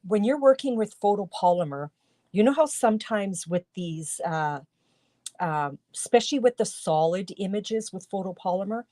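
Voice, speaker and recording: A woman's voice: mid-range voice, darkish tone, no room sound. Woman, middle-aged, live-stream craft demo, chatty step-by-step talk, throat tickle, home studio. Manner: chatty, talks viewers through each step. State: throat tickle, coughing now and then. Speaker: card-making demonstrator.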